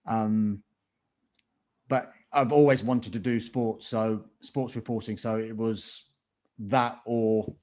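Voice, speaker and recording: A man's voice: lowish voice, fairly even intonation, slow, darkish tone. Reflective man on a media panel. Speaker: panel guest, sports reporter. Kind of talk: panel discussion.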